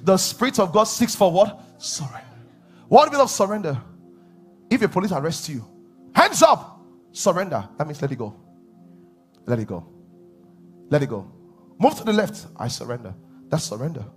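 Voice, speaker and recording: A man preaching a sermon as pastor, animated, laughing and acting out voices. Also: on the high side, a little fast, long pauses, soft background music. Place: church hall.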